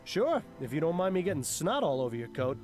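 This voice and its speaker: An actor voicing an easygoing, joking detective partner in a game, speaking in a wry, jokey way. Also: male voice, on the high side, big pitch swings, a little fast, over music. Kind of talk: voiced game dialogue.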